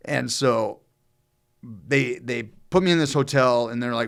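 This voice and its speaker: A man's voice: medium pitch, moderate pace, gravelly. Rambling, profane man telling a story. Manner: rambling, profane, loose and animated. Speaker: podcast co-host telling a story. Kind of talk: casual storytelling chat.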